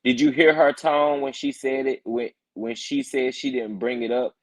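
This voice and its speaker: A man hosting a casual morning chat, reacting to viewer comments and getting emphatic and loud when worked up. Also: medium pitch, moderate pace. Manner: animated, emphatic, rising to loud protest when fired up. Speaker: reality TV commentary host.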